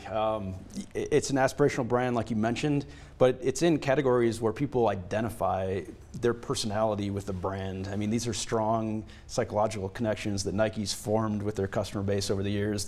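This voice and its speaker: A man appearing as a fund manager guest in a TV studio, giving steady, explanatory investment analysis with hesitant fillers. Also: fairly low pitch.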